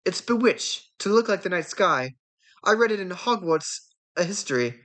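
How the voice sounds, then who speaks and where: A woman voicing a strict older female teacher giving brisk instructions in a fan reading of a film script. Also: on the low side, expressive, fairly bright tone.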